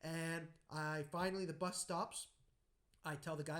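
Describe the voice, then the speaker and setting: A man hosting a podcast, telling anecdotes in a casual, animated way and acting out the voices in his stories. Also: on the high side, measured pace. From United States. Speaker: podcast host. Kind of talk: casual conversational storytelling.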